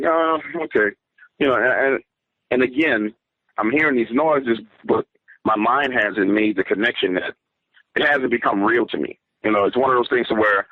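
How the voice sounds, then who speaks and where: A man, a guest on the show, recounts a frightening encounter in an earnest, halting way, with many fillers and restarts. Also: fairly low pitch, no room sound. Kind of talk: personal story told over the phone. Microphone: phone. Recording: tinny phone line, dry.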